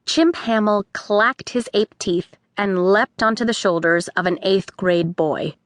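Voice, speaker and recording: A woman narrating a children's audiobook with expressive storytelling. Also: medium pitch, measured pace, no echo, clean studio sound.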